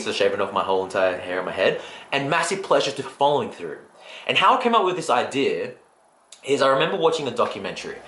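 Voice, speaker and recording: A man's voice: medium pitch, fairly bright tone, roomy sound. A man talking earnestly to camera in a motivational vlog, telling a story straight to his viewers. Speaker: personal development vlogger.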